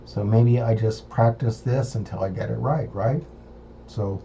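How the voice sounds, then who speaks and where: Slow, low-voiced American man sounding out words. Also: fairly even intonation, gravelly, mellow, highs cut off, a little hiss or hum. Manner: halting, thinking aloud while sounding out words. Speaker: language learner. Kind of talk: self-recorded study session.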